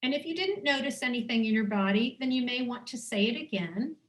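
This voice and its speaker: A woman teaching on a video call, leading a guided breathing exercise with slow, soothing instructions and pauses. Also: fairly high pitch, expressive. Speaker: dowsing teacher.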